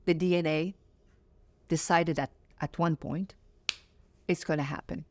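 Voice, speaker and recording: Low-voiced and a little slow, she keeps her intonation fairly even and pauses often. She's a French-native singer in her fifties in a sit-down interview, earnest and reflective, leaning on repeated phrases for emphasis.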